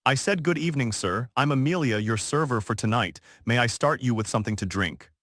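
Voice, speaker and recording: Brief: male narrator doing a poised young waitress, calm and polite, steady and patient, dry close recording. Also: medium pitch, brisk, no room sound. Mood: polite, composed.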